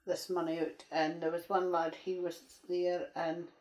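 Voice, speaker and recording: A woman's voice: fairly low pitch, little pitch movement, unhurried, a little mellow, rough recording. Chatty north-east Scottish woman. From north-east Scotland. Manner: chatty, rambling, frequent "aye" and "uh-huh". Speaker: interviewee. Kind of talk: casual reminiscing chat.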